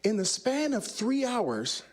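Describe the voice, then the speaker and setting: A former undercover officer speaking on a conference stage, telling stories and acting out the scenes. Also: male voice, very high-pitched, big pitch swings, slow. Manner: demonstrative, acts out scenes. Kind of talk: animated storytelling talk.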